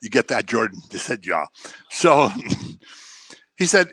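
A man preaching a sermon in an animated way, acting out the voices he quotes. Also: mid-range voice, slow, long pauses, breathy edge, dry recording.

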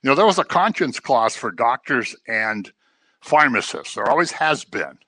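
Very animated and speaking at a normal speed, a middle-aged man hosts an informal Bible study in casual talk. He repeats phrases for emphasis and mocks others with a low imitation, his voice bright and forceful on a dry recording.

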